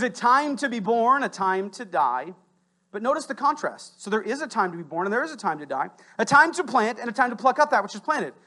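A pastor preaching to his congregation in church, conversational with asides to listeners, swinging between loud emphatic bursts and quiet low stretches. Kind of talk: sermon. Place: church sanctuary.

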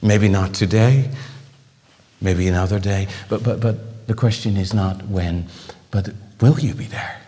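A man preaching a sermon with passion, swinging between loud exclamations and hushed, drawn-out phrases, often repeating words as he builds. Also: sits low, fairly even intonation. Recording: long hall reverb.

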